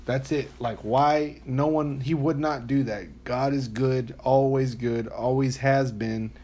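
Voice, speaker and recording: A man's voice: medium pitch, steady tone, takes it slowly, dark tone. Earnest man hosting a faith podcast. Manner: earnest, preachy, acts out quotes. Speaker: podcast host. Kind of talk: casual faith podcast chat.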